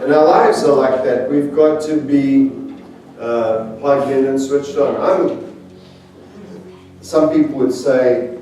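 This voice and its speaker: In a large church sanctuary, a guest preacher with a warm, mid-range voice speaks slowly and fairly evenly, with long pauses and faint music behind him. He tells humorous, self-deprecating stories in a chatty way and chuckles between anecdotes, his voice distant in the very echoey hall.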